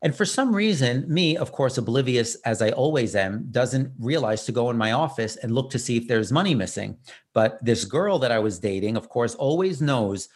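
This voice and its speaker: A man hosting a podcast, telling a story in a casual, self-mocking way. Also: medium pitch. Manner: animated, self-mocking storyteller with quick bursts. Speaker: podcast host.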